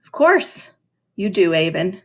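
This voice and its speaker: A man's voice: high-pitched, very animated, slow, full character voice. A woman voicing a very old, forgetful, kindly soda-shop man who talks in a cheery, teasing way.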